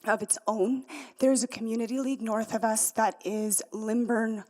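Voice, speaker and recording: A woman speaking as a community representative at a council hearing, earnest and measured as she makes her case, recorded in a council chamber. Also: fairly high pitch, fairly even intonation, dark tone. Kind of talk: public hearing testimony, unscripted.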